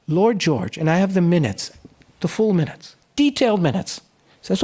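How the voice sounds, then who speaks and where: A middle-aged man lectures at a conference in a voice pitched a little above the usual for a man. He recounts history as a story, and often stops to restart a phrase or fill a pause. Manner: storytelling, recounting historical debates and quoting speakers in lively voices; frequent fillers and restarts.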